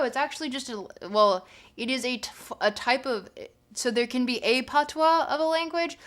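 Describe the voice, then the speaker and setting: A young woman streaming live, chatting casually and joking as she reads her chat aloud. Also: a little high.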